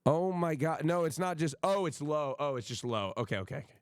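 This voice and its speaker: A man's voice: a little high, animated, a little fast, smooth, no echo, clean studio sound. Swearing, stammering man ranting to chat. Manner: profane, emphatic, stammering restarts. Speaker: streamer. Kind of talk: casual livestream rant to chat.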